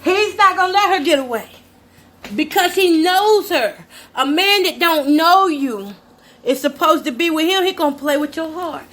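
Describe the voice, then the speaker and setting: A woman with a notably high voice, middle-aged and talking straight into the camera. She tells her story candidly and casually, breaking into laughs and turning to her viewers like old friends. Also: normal speed. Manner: candid, chatty, addresses viewers directly; lively, laughs between lines. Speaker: host.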